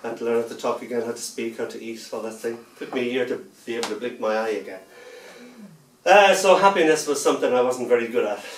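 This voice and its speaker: A man giving a poetry reading to a festival audience, playful and theatrical, stretching out words and pausing for effect. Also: mid-range voice, slight background noise. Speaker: poet. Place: festival venue indoors. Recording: echoey room, mic far off.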